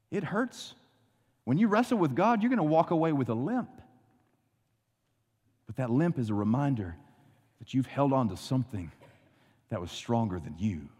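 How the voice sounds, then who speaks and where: A man preaching a sermon, dramatic, often dropping to a hushed low voice for emphasis. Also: long reverb tail. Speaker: pastor.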